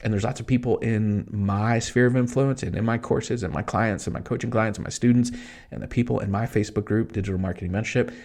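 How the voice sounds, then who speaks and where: A middle-aged man hosting a solo podcast, talking to listeners in an excited, emphatic, fast-paced way. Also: on the low side. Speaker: podcast host. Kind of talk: solo motivational podcast monologue.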